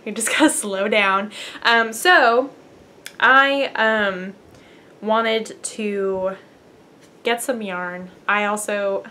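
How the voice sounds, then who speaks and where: A woman's voice: mid-range voice, slow, sharp tone, a little hiss or hum. A young woman, hosting a knitting podcast from her apartment, chatting casually and bubbly with lots of fillers. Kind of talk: casual chat to camera. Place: apartment at home.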